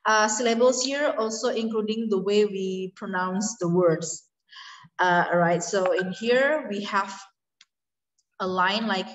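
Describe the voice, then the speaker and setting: A woman university lecturer talks through poetry theory at an unhurried, halting pace, full of "uh" and "um" fillers. Her voice sounds a little distant from the microphone. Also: medium pitch, muffled recording. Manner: hesitant, many fillers, switches into Indonesian.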